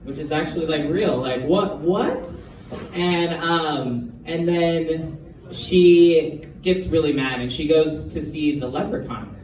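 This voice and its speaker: A man's voice: on the high side, takes it slowly, a little mellow. Rambling man telling a joke onstage. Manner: hesitant, rambling, with frequent ums and giggles. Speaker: amateur stand-up comedian. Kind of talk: first-time stand-up storytelling. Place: live comedy show venue. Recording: echoey room from far off, noisy.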